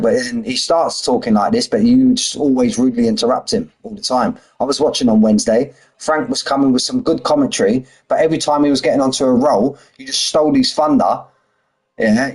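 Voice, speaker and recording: Middle-aged British man, husky voice, casual streamer banter. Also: mid-range voice, darkish tone, low-quality recording. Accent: British English. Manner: chatty, banters with chat, drops h's and says "mate". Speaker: sim racing streamer. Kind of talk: casual live-stream chat.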